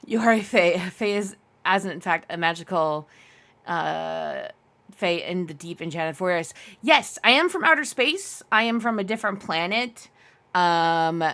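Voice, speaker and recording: A woman's voice: mid-range voice, measured pace, sharp tone. A young adult woman live-streaming, chatting casually with her viewers in a giggly, rambling way and answering chat aloud.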